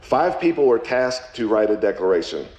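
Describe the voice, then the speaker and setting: A man's voice: fairly low pitch, big pitch swings, darkish tone, slight background noise. Man giving an echoey live speech. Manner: folksy, joking asides with the crowd; slow, emphatic on key lines. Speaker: speaker at a public celebration. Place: event hall. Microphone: handheld mic at a podium. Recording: echoey room.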